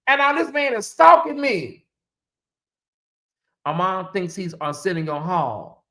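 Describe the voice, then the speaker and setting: A livestream host giving live gossip commentary in a blunt, profane, animated way, with big swings in pitch. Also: slow pace.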